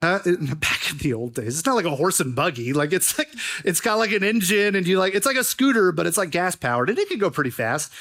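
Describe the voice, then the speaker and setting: A young man preaching a youth sermon, telling stories in a joking, animated way with lots of fillers. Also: high voice, fast talker, hardly any pauses. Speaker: youth pastor. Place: church youth service.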